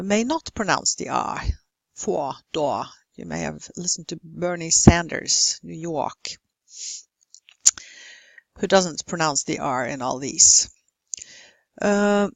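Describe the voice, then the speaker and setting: A woman with a Norwegian accent leads a pronunciation lesson, taking her time and enunciating each example word with care. Her pace is unhurried. The recording is dry and close, with no room sound. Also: fairly low pitch, creaky, no room sound. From Norway. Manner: slow, careful enunciation of example words. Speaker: English pronunciation teacher.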